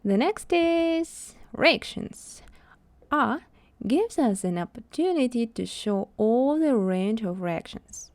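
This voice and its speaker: Slow, dry-voiced woman language teacher. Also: fairly high pitch, lively intonation, darkish tone, no echo. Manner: slow, careful, playful demonstrations. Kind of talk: scripted video lesson.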